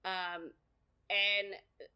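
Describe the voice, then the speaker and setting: A woman's voice: medium pitch, level tone, extremely slow, sharp tone, clear, resonant tone. A woman co-hosting a podcast, chatting casually through a book recap with lots of fillers and quoted asides. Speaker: podcast co-host.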